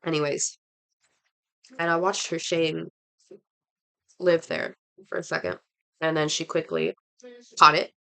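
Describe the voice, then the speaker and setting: A woman's voice: low-pitched, level tone, a little slow, vocal fry, long pauses, fairly bright tone. A woman with a cold, rambling through a heartfelt story in casual chat while she does her makeup. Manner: rambling, heartfelt, lots of fillers. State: congested from a cold. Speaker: vlogger.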